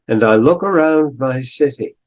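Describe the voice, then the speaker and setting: An older man voicing a sorrowful young prince statue who pleads gently, retold as a story in a lecture. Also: mid-range voice, close to an everyday voice. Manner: pleading, repeats his refrain slowly.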